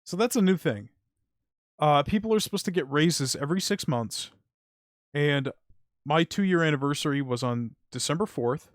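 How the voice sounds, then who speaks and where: With frequent curses, a young man on stream vents heatedly about his delivery work in a casual rant. His pitch is fairly high, and the streaming mic captures a dry, clean studio sound.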